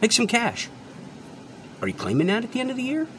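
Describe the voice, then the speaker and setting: A man's voice: very high-pitched, huge pitch swings, fairly quick, a bit bright, slight background noise. A man hosting his own channel, lecturing his viewers in an unscripted rant. He is emphatic and repeats himself, and he swears freely. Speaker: channel host and product reviewer. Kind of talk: unscripted ranting monologue.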